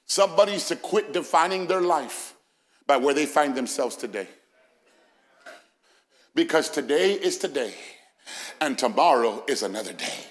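A male senior pastor preaching an Easter sermon in a church, building from quiet reasoning to shouted, sung-out climaxes. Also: on the high side, animated, moderate pace, long pauses. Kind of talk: Pentecostal-style Easter sermon. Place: church sanctuary, also broadcast.

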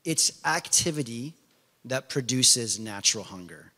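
A man's voice: medium pitch, lively intonation, unhurried, pushed and bright, in a large hall. A male pastor joining in a sermon, explaining a point and citing scripture. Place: church sanctuary.

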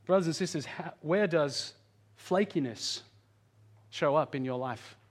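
A man preaching a sermon, earnest, slowing down and speeding up for emphasis. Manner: earnest, varies pitch and pace for emphasis. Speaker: pastor.

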